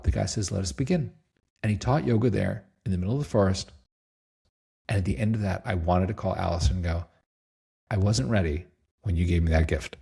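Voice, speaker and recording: A middle-aged man speaks as an interview guest with a husky, slightly low voice. He tells stories in a relaxed, lively way, acting out other people's lines and laughing easily. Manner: lively storyteller, acts out quotes, laughs easily. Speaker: guest, company CEO. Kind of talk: casual storytelling interview.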